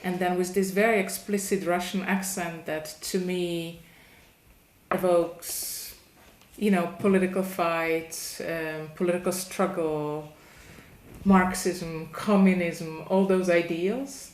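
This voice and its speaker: A woman interviewing an artist, asking long, thoughtful questions with small pauses and restarts. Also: fairly low pitch, roomy sound. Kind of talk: conversational interview.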